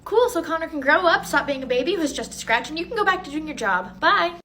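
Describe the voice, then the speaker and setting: A woman voicing a dismissive, hurried mother who brushes off her son's injury. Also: sits high, expressive, sharp tone. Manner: brusque, impatient.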